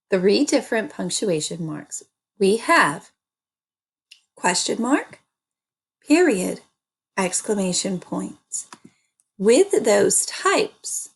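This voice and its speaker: A woman teaches an early-grade reading lesson, speaking slowly and deliberately and repeating little chants for the children. Her voice is medium-pitched with a breathy edge.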